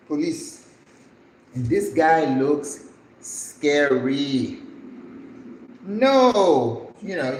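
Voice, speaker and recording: An older woman hosting a cooking channel, telling a story in a lively, dramatic way as she cooks and acting out the people in it. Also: low voice. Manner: animated, dramatic storyteller who acts out the people in her story. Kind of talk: casual storytelling while cooking. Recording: echoey room with faint background noise.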